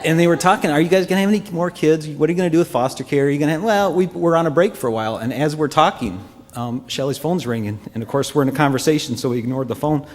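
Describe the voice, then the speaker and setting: A man giving an earnest, heartfelt personal testimony to a congregation, speaking in a halting way. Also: fairly high pitch, a little mellow. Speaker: church member giving a testimony. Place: church hall. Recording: long church-hall reverb.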